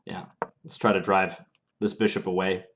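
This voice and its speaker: A young man streaming chess live, calmly thinking aloud through his moves in a casual, analytical way. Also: deep voice, normal speed, a little hiss or hum.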